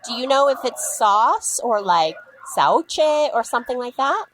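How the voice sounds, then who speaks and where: A woman's voice: fairly high pitch, animated, fairly quick, slight background noise, poor audio. A woman guest on a comedy podcast, bubbly and stammering, politely pushing a restaurant for an answer over the phone. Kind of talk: casual chat, calling a restaurant.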